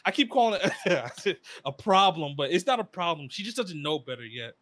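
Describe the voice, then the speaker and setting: Young male co-host, slightly high voice, loose slangy storyteller who gets worked up. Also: moderate pace, no echo. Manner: rambling, animated storytelling with slang. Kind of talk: casual chat.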